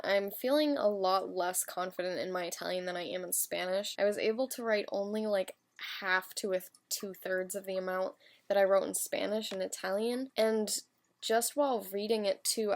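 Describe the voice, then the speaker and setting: A woman's voice: mid-range voice, slight background noise. A young woman talking about her language studies in a casual, candid and self-reflective vlog chat. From United States. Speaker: language-learning vlogger.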